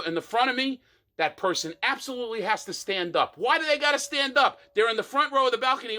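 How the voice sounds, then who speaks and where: A man performing an exasperated comic rant monologue, mocking people with quick impressions. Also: sits high, sharp tone.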